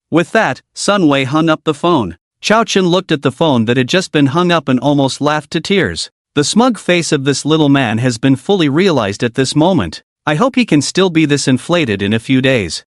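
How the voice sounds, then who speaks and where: A man narrating a comic story recap in an expressive storytelling manner. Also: fairly high pitch, no echo, studio quality.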